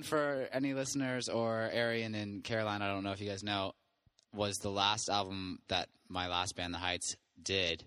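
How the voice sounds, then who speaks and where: A man on a podcast recalling his old band in relaxed, rambling casual chat. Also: fairly low pitch, moderate pace, clear, resonant tone, no room sound. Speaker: podcast host, former band musician.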